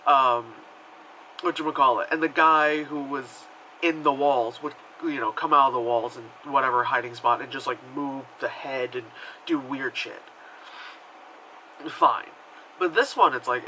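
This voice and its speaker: A man's voice: bright, forceful tone, a little hiss or hum, rough recording. Rambling sarcastic man reviewing a movie. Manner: digressive, sarcastic, swears, many fillers and restarts; mocks characters in high put-on voices.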